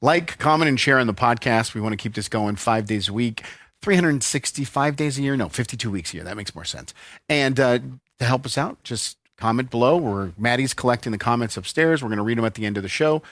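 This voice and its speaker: A man's voice: mid-range voice, a little fast, no echo. Teasing podcast guy, voice bouncing all over, dry close mic. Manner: joking, teasing, animated. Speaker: podcast co-host. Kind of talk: casual chat.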